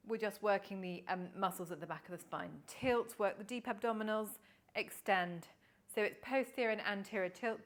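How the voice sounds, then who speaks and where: A woman leads a Pilates session at home, talking the listener through each movement with calm, encouraging cues. Her voice sits in a middle pitch, and she counts breaths and repetitions at an even pace. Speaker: Pilates instructor. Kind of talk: guided exercise class instruction.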